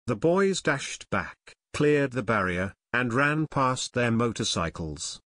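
A man reading a novel aloud as an audiobook narrator, steady and measured. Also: mid-range voice, no room sound, studio quality. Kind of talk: scripted narration.

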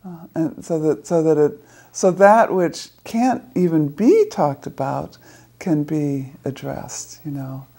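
An older woman therapist explaining ideas in an interview, thoughtful and measured, often restarting her phrases. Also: low voice, animated, mellow. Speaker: psychotherapist.

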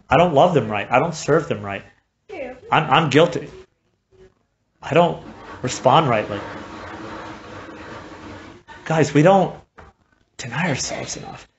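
A fervent male preacher delivering a sermon, his voice dropping low and quiet, then rising loud and urgent. He sits at a middle pitch. The recording is dull and lo-fi, with a faint hiss underneath. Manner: impassioned, swings from hushed to shouting.

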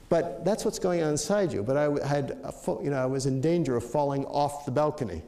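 A man's voice: on the high side, animated, fast talker, dark tone, reverberant. An older man giving a talk, telling a story in a reflective, anecdotal way with fillers and restarts. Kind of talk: storytelling lecture.

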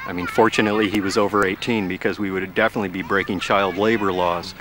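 A man's voice: deep voice, fairly even intonation, quick pace, fairly bright tone, slight background noise, rough recording. A man in a documentary interview speaking hesitantly and reflectively. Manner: hesitant, reflective, many fillers.

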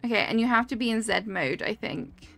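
Chatty woman streamer with gravelly fry. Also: on the high side, fairly quick, fairly bright tone. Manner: chatty, reacts aloud to the game and reads chat. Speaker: game streamer. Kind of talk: casual live-stream chat while playing.

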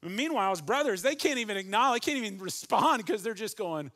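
A middle-aged pastor delivers a sermon, his voice sitting a little high for a man. He preaches animatedly, dropping to hushed tones and then swelling loudly as he drives his points home. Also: lively intonation, a little fast, hardly any pauses.

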